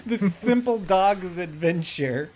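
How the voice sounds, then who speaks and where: A man's voice: high-pitched, lively intonation, slow, heavy background noise. A man co-hosting a film podcast in casual chat, sarcastic, often laughing and swearing freely. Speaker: podcast co-host.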